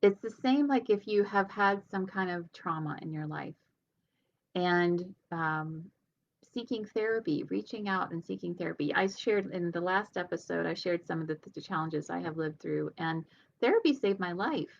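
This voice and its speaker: A woman's voice: on the low side, moderate pace, gravelly, lo-fi sound. A woman speaking as a healer and leadership coach, giving an earnest, conversational motivational talk with light laughs.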